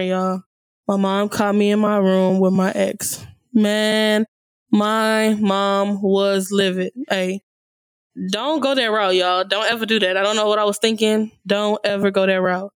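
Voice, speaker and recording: A woman's voice: mid-range voice, no room sound. A young woman hosting her channel, casually telling a personal story and often calling her viewers y'all. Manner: chatty, addresses viewers as y'all. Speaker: host.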